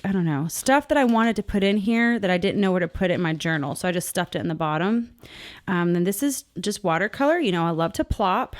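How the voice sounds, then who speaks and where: A middle-aged woman chatting casually and warmly as she flips through her art journal, rambling and heartfelt. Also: mid-range voice. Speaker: journaling artist, channel host.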